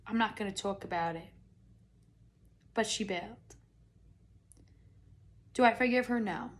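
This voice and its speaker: A young American woman hosting a podcast, telling a comedic story in a chatty, animated way with lots of "like" and some swearing. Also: medium pitch, measured pace. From United States. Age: young adult. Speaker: podcast host.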